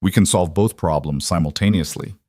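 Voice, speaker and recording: In a cold, low voice, a controlled mafia boss played by a male narrator speaks calmly and plainly, conversational and almost gentle. He talks fairly quickly, and the recording is close and dry with no room sound.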